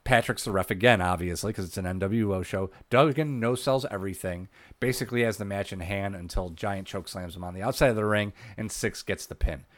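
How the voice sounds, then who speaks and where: A man's voice: on the low side, a little fast, hardly any pauses, no room sound. A man co-hosting a podcast, casually recapping old wrestling shows, laid-back and swearing, laughing often. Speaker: podcast co-host.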